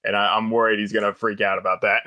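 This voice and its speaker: A man's voice: lowish voice, flat delivery, fast, bright, forceful tone. A man playing a tabletop game, chatting casually and laughing easily. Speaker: player.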